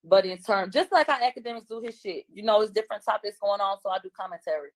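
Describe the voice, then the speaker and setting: A woman's voice: mid-range voice, fast talker, no echo. A woman, a guest commentator on a livestream, talking bluntly and combatively in casual chat.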